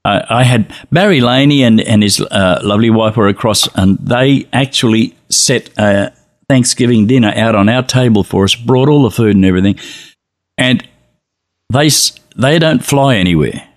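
A man's voice: medium pitch, moderate pace, dry recording, studio quality. A man hosting a casual chat, a chatty storyteller who laughs easily. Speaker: host.

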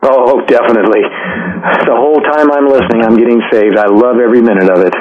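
A man's voice: mid-range voice, steady tone, fast talker. Man calling in over a tinny phone line. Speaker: caller. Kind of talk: phone-in talk.

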